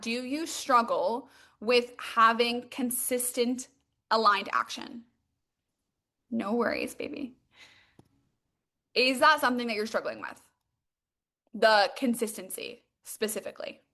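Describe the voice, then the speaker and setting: A young woman coaching on a live stream, bubbly and excitable, peppering her talk with "like.". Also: a little high, normal speed, pauses often. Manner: bubbly and excitable, heavy use of "like". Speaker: manifestation and mindset coach.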